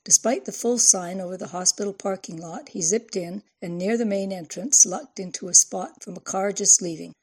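A woman narrates a novel in a measured, even way. Her voice has a gravelly texture with a husky, breathy grain. She reads at a steady storytelling pace. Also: medium pitch. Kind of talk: audiobook narration.

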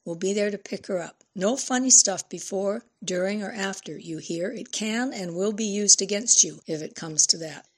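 A woman's voice: medium pitch, normal speed, hardly any pauses, husky, lightly acted. A woman reading an audiobook voices a stern, commanding middle-aged stepfather.

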